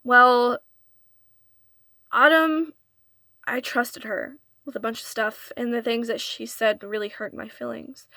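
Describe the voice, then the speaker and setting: A young woman recounts a hard personal story in a storytime vlog, earnest and confessional. Her voice is bright and a little high, recorded close in a dead, dry space. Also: dry recording. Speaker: vlogger.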